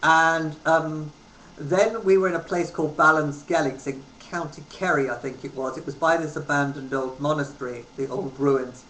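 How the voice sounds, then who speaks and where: A man's voice: a little high, fairly even intonation, normal speed, sharp tone. A man in his thirties from England, telling travel stories casually into a webcam, rambling with many ums. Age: 30s. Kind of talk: casual storytelling. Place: home room. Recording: roomy webcam recording with faint hiss.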